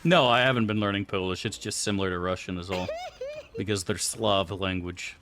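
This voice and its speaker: A man's voice: deep voice, steady tone, fairly quick, fairly bright tone, slight background noise. A man streaming a game, chatting loosely with his viewers and swearing freely. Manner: loose and rambling, swears freely, answers chat aloud. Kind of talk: casual live-stream chat.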